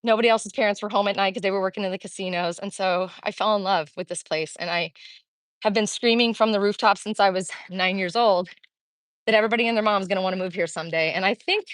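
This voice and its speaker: A Las Vegas real estate vlogger in her forties, originally from Kansas City, Missouri, livestreams on a handheld phone while walking a street in summer heat, breathlessly answering viewer comments. Her mid-range voice is fast and fairly bright, with no echo.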